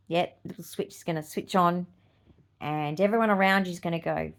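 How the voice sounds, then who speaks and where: A woman's voice: mid-range voice, a little fast. A middle-aged woman with an Australian accent, hosting a podcast in casual chat, blunt, swearing freely and laughing often. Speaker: podcast host.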